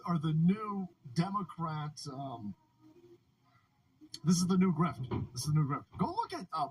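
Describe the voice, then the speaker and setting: A man's voice: high voice, a little hiss or hum, poor audio. A man hosting a political livestream, ranting in a casual, profane way and often laughing. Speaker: livestream host. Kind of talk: casual political commentary stream.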